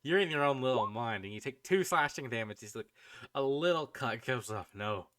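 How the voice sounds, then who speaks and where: A man's voice: mid-range voice, animated, moderate pace, fairly bright tone, no room sound. Casual male game master, dry sound. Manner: casual, rambling with restarts. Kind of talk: narrating a tabletop game.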